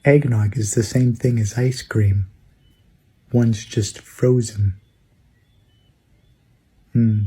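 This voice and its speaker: A man putting on a low, secretive voice to deliver a deadpan joke slowly. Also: husky, full character voice. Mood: conspiratorial. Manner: slow, low, conspiratorial delivery. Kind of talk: comedy sketch voice.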